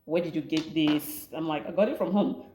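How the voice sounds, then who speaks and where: A young Namibian woman with a Namibian accent, telling a lively storytime vlog, laughing often and mixing in local words. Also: low-pitched, fairly quick, reverberant, slight background noise. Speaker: vlogger. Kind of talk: storytime chat.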